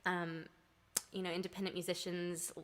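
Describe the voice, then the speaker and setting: A woman singer-songwriter chatting casually on a live stream, thanking fans with frequent "um"s and soft laughs. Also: on the low side, little pitch movement, moderate pace. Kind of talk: casual chat between songs.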